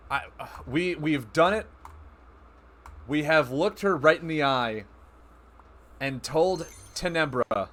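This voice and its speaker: A man streaming a card game live, thinking aloud about his plays, excitable and self-mocking. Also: mid-range voice, slow, pauses often.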